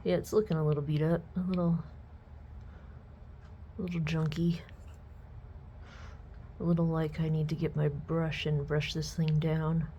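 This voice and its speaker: A woman with a low, mellow voice talks casually through an unboxing. She is chatty and excitable, sometimes slipping into soft murmurs. A faint room hum sits behind her. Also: moderate pace, pauses often, lo-fi sound. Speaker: unboxing vlogger.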